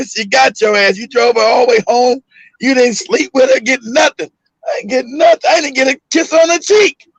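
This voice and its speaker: A middle-aged man tells a story in a loose, animated way, often laughing and shouting out the punchlines. His voice sits very high with a gravelly fry. The sound is close and dry. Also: moderate pace, no room sound, rough recording. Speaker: host. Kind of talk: casual storytelling.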